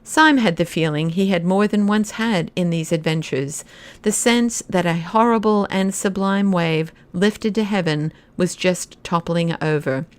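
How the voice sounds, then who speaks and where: A woman giving a measured, expressive audiobook narration of a classic novel. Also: fairly low pitch.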